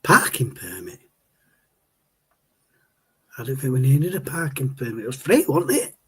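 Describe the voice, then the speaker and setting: A man's voice: medium pitch, animated, fast, dark tone, slightly rough. A man, hosting a casual livestream and rambling as he answers viewer chat. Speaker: livestream host.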